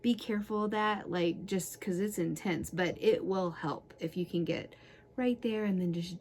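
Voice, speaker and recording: A young woman casually showing how to use a massage tool on herself, talking in a relaxed, chatty way with sighs and groans of relief. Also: on the low side, moderate pace, slight background noise. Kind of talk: casual self-massage tutorial.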